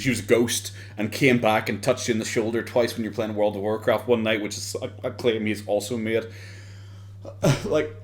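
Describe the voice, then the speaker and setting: A drunk Irish man from Dublin rambling through mocking commentary, swearing often and laughing between lines. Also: mid-range voice. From Ireland.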